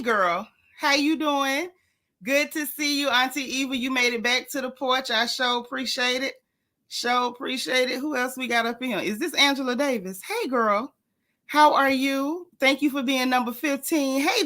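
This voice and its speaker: A woman's voice: sits high, sharp tone. A woman hosting a casual livestream, chatting and greeting viewers by name. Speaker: livestream host.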